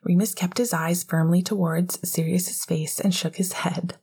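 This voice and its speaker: A woman narrating an audiobook in a soft, half-whispered voice. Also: on the low side, fairly even intonation, measured pace, breathy edge.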